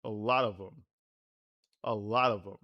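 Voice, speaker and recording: A man's voice: on the low side, fairly even intonation, unhurried, highs cut off. A man hosting a livestream, commenting in a blunt, sarcastic way with lots of swearing.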